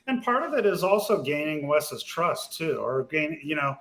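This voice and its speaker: As a podcast guest, an off-road racer with a somewhat high voice and moderate pace tells racing stories in a laid-back, casual way. He becomes animated whenever he retells the races.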